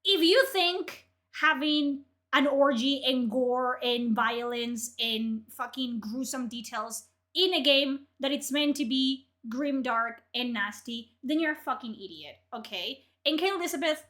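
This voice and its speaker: A woman's voice: high voice, measured pace, hardly any pauses. A young woman, furiously ranting and swearing as she reacts to articles on her stream. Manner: furious, profane, shouting outbursts. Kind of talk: angry ranting commentary.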